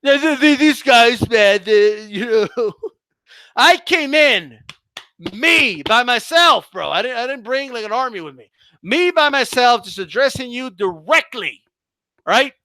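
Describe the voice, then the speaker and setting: A man's voice: very high voice, expressive, measured pace, bright, forceful tone, no room sound. A man hosting a boxing livestream, ranting heatedly with profanity and stammering restarts.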